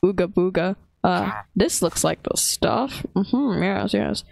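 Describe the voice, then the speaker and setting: Speaking slowly in a mid-range voice with vocal fry and a darkish tone, a woman who creates gaming videos talks through her gameplay with few pauses. She's casual and giggly, often bursting into laughter and exclaiming in playful panic.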